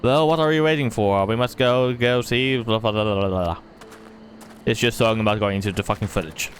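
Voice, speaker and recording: A man's voice: on the low side, fairly quick, slight background noise. A man chatting casually on a game stream, muttering to himself and swearing casually. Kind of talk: casual live stream chat. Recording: game music playing behind.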